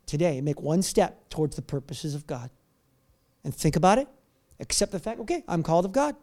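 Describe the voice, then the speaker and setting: Impassioned high-voiced male preacher. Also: big pitch swings, fairly quick. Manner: impassioned, building to near-shouts then dropping soft; repetitive, rhythmic preaching. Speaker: pastor. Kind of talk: sermon with altar call and prayer.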